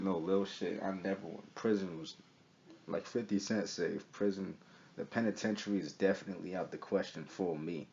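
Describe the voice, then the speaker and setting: A man's voice: low voice, steady tone, moderate pace, vocal fry. A young man telling a story in a casual, streetwise way, swearing freely and often checking in with his listener. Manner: profane, streetwise, keeps asking "you feel me". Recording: slightly dull recording with faint hiss.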